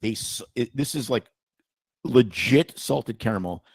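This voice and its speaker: A male doctor in playful, teasing casual chat, his pitch leaping about with lively swings. The recording is dry and close, with no room sound. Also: unhurried, husky, dry recording. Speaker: doctor, co-host.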